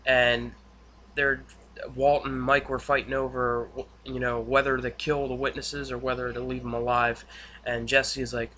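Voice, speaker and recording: A man's voice: mid-range voice, level tone, a little slow, bright, forceful tone, slight background noise. A young man recapping a TV episode in casual, rambling speech with many fillers and restarts. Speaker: YouTube reviewer.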